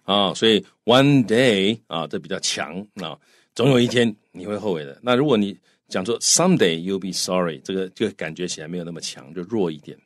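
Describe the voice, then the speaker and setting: A man's voice: low-pitched, a little fast, dry recording, studio quality. A man co-hosting a language lesson, explaining in a chatty way with lots of filler particles. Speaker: co-host explaining in Mandarin.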